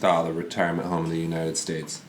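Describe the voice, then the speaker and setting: Low-voiced young man chiming in agreeably. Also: completely flat delivery, fast talker, slight background noise. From California. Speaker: podcast co-host. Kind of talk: casual chat.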